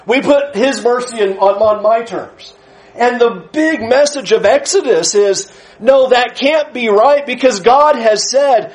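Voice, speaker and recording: A man's voice: high voice, lively intonation, a little slow, poor audio. A man preaching a Bible lesson in an earnest, emphatic way, acting out the voices he quotes. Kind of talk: sermon lesson.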